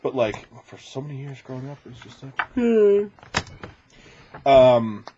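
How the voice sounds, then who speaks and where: A man's voice: mid-range voice, fairly even intonation, brisk. Podcast host guy, chatty and playful, mid voice, kinda dull lo-fi sound w a little hiss. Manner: chatty, breaks into playful impressions. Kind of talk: casual chat.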